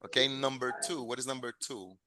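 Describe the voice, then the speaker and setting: Patient teacher. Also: male voice, medium pitch, fairly even intonation, fairly quick, pushed and bright, poor audio. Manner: patient, repeats and corrects words, praises students. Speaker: English teacher. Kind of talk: classroom lesson mixing English and Spanish.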